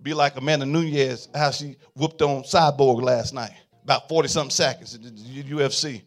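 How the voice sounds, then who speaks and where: A male pastor preaching a sermon in a call-and-response style, swinging from quiet murmurs to fervent shouts. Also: medium pitch, steady tone, moderate pace.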